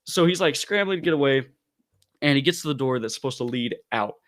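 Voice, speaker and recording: A man co-hosting a casual podcast, retelling a story in an animated way with loose asides. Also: mid-range voice, fairly quick. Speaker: podcast co-host reviewing comics.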